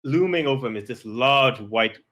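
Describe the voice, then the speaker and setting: Bright-voiced rambling game master. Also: male voice, mid-range voice, animated, moderate pace. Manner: rambling, full of fillers and restarts. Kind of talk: narrating a tabletop game.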